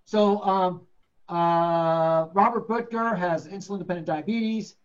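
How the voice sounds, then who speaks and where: A paramedic instructor teaches a classroom lecture, blunt and joking, acting out patient stories. His voice is high and unhurried, and the audio is dull.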